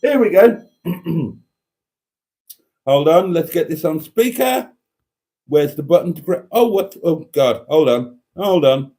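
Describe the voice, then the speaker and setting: A man's voice: on the high side, expressive, slow pace, pauses often, dark tone. A man hosting a livestream, tipsy from wine, chatting, laughing and reading comments aloud. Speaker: livestream host. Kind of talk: casual livestream chat.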